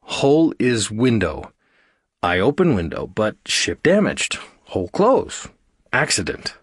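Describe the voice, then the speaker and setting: A frightened young astronaut , voiced by a man, stammers out nervous explanations in an audiobook. The voice sits a little low, and the recording is close and dry. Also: wildly swooping pitch, slow, husky, no room sound, exaggerated voice. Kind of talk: audiobook character voice.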